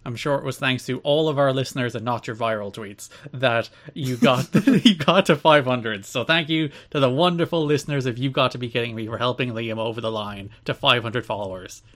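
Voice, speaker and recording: A man co-hosting a podcast with a mid-range voice, neither high nor low. He keeps up a casual back-and-forth full of dry, teasing remarks aimed at his co-host. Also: fairly quick, few pauses, a bit bright. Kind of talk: casual chat.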